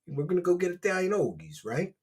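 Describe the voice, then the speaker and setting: A man's voice: sits high, wildly swooping pitch, a little fast, darkish tone, breathy edge. A man hosting a livestream, reading donations and mocking a guest in a boastful, rambling way. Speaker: livestream host.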